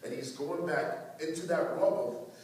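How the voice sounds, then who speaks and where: A man giving a keynote talk to teachers, telling personal stories with animated humor. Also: fairly high pitch, measured pace. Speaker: speaker. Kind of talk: storytelling keynote speech. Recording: echoey hall recording from far off, faint noise.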